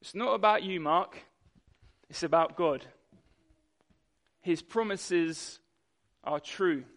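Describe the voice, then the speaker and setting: A young man delivers a sermon. He tells a personal story with animation, acting out the people in it. His voice sits slightly high for a man. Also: slow, fairly bright tone. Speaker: pastor.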